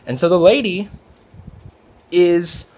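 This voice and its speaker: Brief: young male server telling a casual story, rambling, fairly high voice. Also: fairly even intonation, slow, a little mellow. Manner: rambling, with many fillers and restarts.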